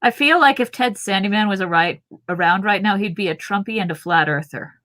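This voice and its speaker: A woman's voice: medium pitch, a little fast, fairly bright tone, no room sound, studio quality. A woman co-hosting a podcast, chatting playfully and laughing easily. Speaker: podcast co-host. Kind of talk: casual chat.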